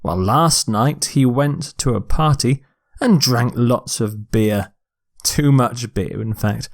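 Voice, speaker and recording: Slow, deliberate male English teacher. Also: medium pitch. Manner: slow, deliberate, stressing syllables. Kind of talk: recorded vocabulary lecture.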